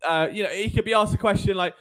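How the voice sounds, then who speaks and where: High-voiced man hosting a sports stream. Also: fast. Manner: animated, sarcastic, digressive. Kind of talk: live sports commentary chat.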